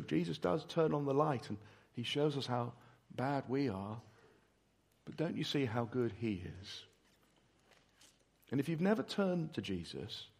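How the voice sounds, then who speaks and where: A man preaching earnestly, pleading with listeners, then leading a slow prayer and answering a question. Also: mid-range voice, vocal fry, breathy edge. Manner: earnest, pleading, with soft drops and emphatic rises. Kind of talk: sermon with prayer and Q&A.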